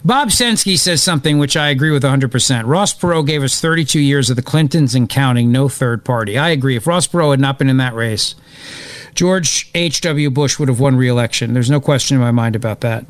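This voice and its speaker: A man hosting live political talk radio, excitable and opinionated, rambling as he reacts to events. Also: medium pitch, a little fast, no room sound. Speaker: radio talk show host.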